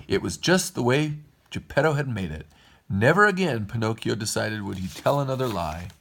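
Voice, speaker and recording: A man reading a children's storybook aloud to his kids, with an expressive, lilting delivery. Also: lowish voice, creaky. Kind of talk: storybook read-aloud narration.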